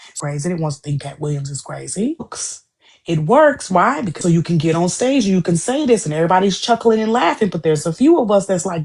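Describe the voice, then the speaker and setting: A woman's voice: fairly low pitch, big pitch swings, fast talker, a little mellow, breathy edge. A woman co-hosting a podcast, talking in a heated, profane, repetitive way in casual chat. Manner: heated, profane, repeats herself.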